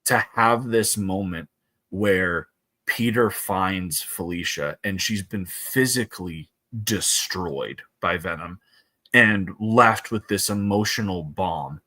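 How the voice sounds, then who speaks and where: A man, a comic book creator, chatting as a guest on a podcast in a rambling, animated way full of fillers. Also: sits low, no room sound. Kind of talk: casual chat.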